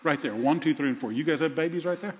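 Older guy preaching, kinda high voice, big echoey church, sound a bit muffled. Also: fast talker. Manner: animated preaching, drops to soft whispers for tender lines. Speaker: pastor. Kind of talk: sermon. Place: church sanctuary. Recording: muffled sound with long reverb in a large hall.

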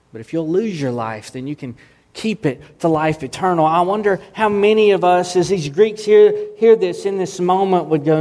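A man's voice: fairly high pitch, a little mellow. Earnest male pastor preaching. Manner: earnest, emphatic, with repeated restarts. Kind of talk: sermon.

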